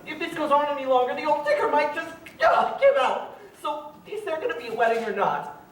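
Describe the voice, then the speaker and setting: A fussy, anxious producer who blusters about his weak heart in a live stage musical. His voice is high and animated. It is heard from afar in an echoey hall with loud music. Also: fairly quick, far from the mic, a little hiss or hum. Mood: fretful. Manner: fretful and blustering.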